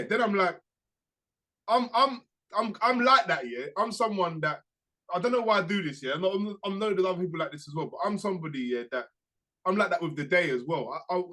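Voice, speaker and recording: A young man, co-hosting a podcast and telling a school story in a casual, slangy, animated way. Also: sits high. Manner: animated, acts out quoted voices, slangy. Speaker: podcast co-host.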